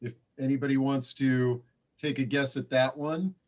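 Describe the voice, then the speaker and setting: A man's voice: mid-range voice, steady tone, moderate pace. A man co-hosting an online party and reading quiz answers, friendly and hesitant, with many fillers. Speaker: co-host running the slideshow and quiz. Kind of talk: casual hosting on a video call. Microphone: video call.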